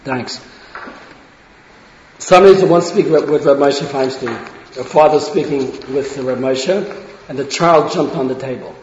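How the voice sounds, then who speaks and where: This religious lecturer, a man of medium pitch, talks at a moderate pace with frequent pauses, delivering an earnest parenting talk to an audience. He keeps restarting phrases and performs quoted speech aloud. Captured in a roomy hall, the audio is dull and lo-fi, with a little hiss or hum.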